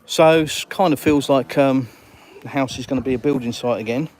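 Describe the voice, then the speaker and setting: A man's voice: medium pitch, moderate pace, a little mellow. A middle-aged English man with an English accent, chatting casually on a live stream from his house and answering viewers' comments. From England. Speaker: livestream host. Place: at home in a house. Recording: clear background noise with clicks.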